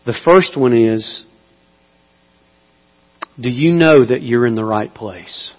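A man preaching a sermon, moving between slow, hushed appeals and loud, pleading cries. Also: mid-range voice. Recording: dull sound with long hall reverb.

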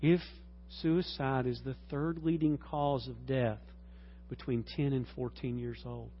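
A man preaching a sermon as a pastor, swinging from low, quiet passages to loud, high-pitched exclamations. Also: steady tone, unhurried, a little hiss or hum. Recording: dull lo-fi recording.

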